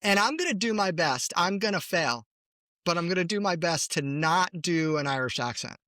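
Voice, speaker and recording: A man's voice: high voice, animated, moderate pace, sharp tone, dry recording, clean studio sound. A man co-hosting a home design podcast in casual chat, joking and laughing at himself. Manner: jokey, laughing, self-teasing. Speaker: podcast co-host.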